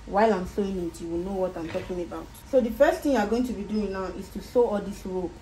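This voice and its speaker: A woman's voice: medium pitch, quick pace, mellow. A woman with a Nigerian accent walks through a sewing project step by step, patiently repeating each instruction as she works. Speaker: sewing tutor. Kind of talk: casual step-by-step sewing tutorial. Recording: roomy echo with faint background noise.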